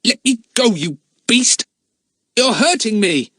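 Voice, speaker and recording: Man voicing a plucky young boy, much higher than the narration, urgent and defiant, storybook hero. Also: sing-song, moderate pace, no echo, studio quality. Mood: frightened defiant. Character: brave young boy, frightened but defiant.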